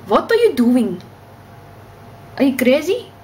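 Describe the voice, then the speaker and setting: A woman voicing an exasperated friend who scolds loudly and incredulously. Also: sits high, big pitch swings, slow pace, slight background noise, voice pushed up, exaggerated voice.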